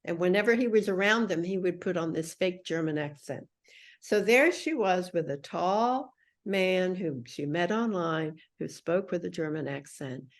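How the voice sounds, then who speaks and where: Middle-aged woman author on a podcast, somewhat low voice, animated storytelling, does little voices for the people she quotes. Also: normal speed.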